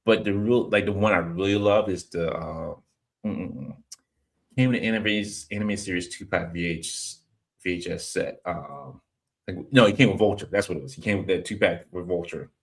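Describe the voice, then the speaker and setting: A man with a somewhat low voice hosts a relaxed podcast chat. He tells stories in a lively way, acting out his own past reactions, and reads viewer comments aloud as he goes. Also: moderate pace, creaky. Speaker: podcast host. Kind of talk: casual chat.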